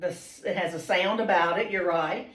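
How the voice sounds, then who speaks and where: A woman's voice: lowish voice, moderate pace, a bit bright. A woman teacher, patiently questioning students by name in a classroom, with frequent ums. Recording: roomy classroom, mic far off.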